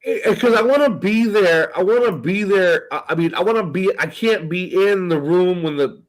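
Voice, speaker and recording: A man's voice: high-pitched, lively intonation, moderate pace, poor audio. A man talking as a guest in a casual chat, rambling and swearing as he tells stories full of quoted dialogue.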